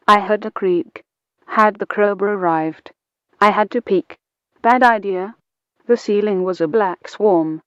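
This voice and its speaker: A woman reading a first-person short story aloud in a slow, deliberate way, acting out the quoted lines. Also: mid-range voice, no echo. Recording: dull, muffled lo-fi recording.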